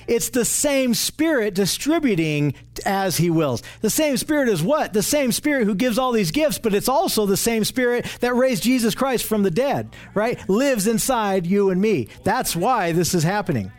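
Man with a high voice leading a group Bible study, earnest and explanatory. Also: expressive, moderate pace. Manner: earnest and explanatory, often asks the group questions.

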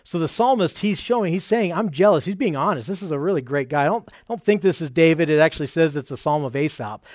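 A man's voice: on the high side, expressive, fast talker, few pauses, darkish tone, no room sound, studio quality. A man preaching a sermon, explaining scripture earnestly with frequent restarts.

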